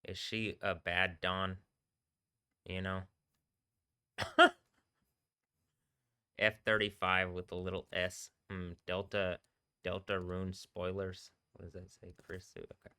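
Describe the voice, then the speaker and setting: Bright, crisp-voiced man rambling on stream. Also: sits low, little pitch movement, takes it slowly, long pauses. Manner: rambling, with many fillers and bursts of laughter. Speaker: live streamer and DJ. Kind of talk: casual live-stream commentary.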